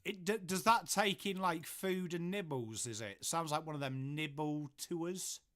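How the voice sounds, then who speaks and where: Running a relaxed live watchalong from home, a man from England talks at a measured pace in a voice a little higher than most men's. He chats away, repeatedly addressing viewers by name and answering their messages as they come in.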